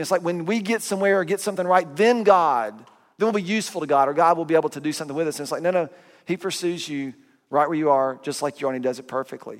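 A middle-aged man pastor giving a sermon, telling stories with self-mocking humor and voicing quick asides. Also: on the high side. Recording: long reverb of a big hall.

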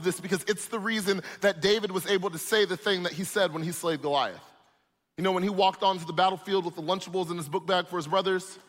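A man's voice: high-pitched, fairly even intonation, quick pace, fairly bright tone, big-room sound. A man preaching a sermon as pastor, emphatic and repetitive, building in force.

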